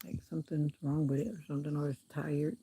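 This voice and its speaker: A woman's voice: deep voice, fairly even intonation, fast talker, mellow, slight background noise. A woman vlogging casually while walking her dog outdoors on a country road, chatting and giving the dog firm commands. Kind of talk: casual walking vlog commentary.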